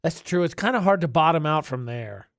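A man's voice: a little high, fairly quick, gravelly, no room sound, clean studio sound. A man co-hosting a radio show, chatting casually and often mocking people in exaggerated voices. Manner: animated, mocking voices for bad parkers.

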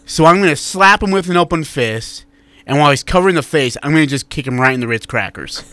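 A man co-hosting a sports talk radio show, chatting in a blunt, animated way and reading out listener texts. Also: fairly high pitch, fast, dry recording.

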